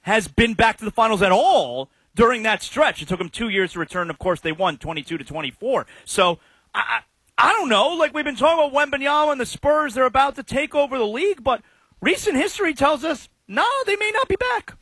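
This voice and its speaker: Animated high-voiced sports radio host. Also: male voice, a little fast, breathy edge, no echo. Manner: animated, opinionated.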